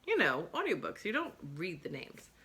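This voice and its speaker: A woman's voice: fairly low pitch, huge pitch swings, moderate pace, fairly bright tone, husky. A middle-aged woman chatting casually about books, rambling and going off on tangents. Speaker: book vlogger. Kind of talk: casual book chat.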